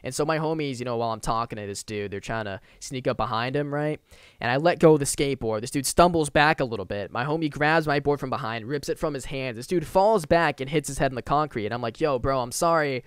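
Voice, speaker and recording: Fast-talking young man telling a story. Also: medium pitch, smooth, no echo, studio quality. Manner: animated, conversational storytelling. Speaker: YouTuber. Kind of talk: storytime vlog.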